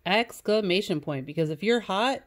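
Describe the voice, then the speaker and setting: A woman's voice: mid-range voice, expressive, normal speed. Patient woman teaching a video lesson. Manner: patient, sing-song reading of example sentences. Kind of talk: remote class lesson to young students.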